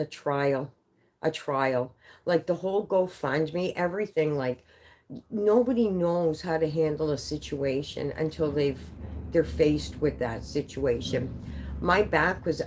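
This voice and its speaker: Woman, low voice, sleepy and worn out; rambling home livestream chat, halting, swears, restarts lines often. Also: a little mellow, slight background noise. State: tired, sleepy. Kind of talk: casual live-stream chat.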